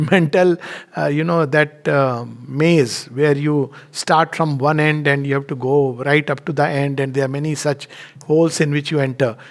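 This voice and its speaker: Gravelly man telling stories. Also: on the high side. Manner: storytelling, unhurried, chuckles often. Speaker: spiritual teacher giving a talk. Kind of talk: reflective spiritual talk with anecdotes.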